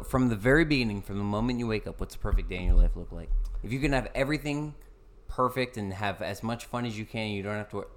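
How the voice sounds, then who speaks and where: A man hosting a podcast, chatting casually with an old friend, joking around and cursing freely. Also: fairly low pitch. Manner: jokey, slips into silly put-on voices. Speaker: podcast host. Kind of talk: casual chat between friends.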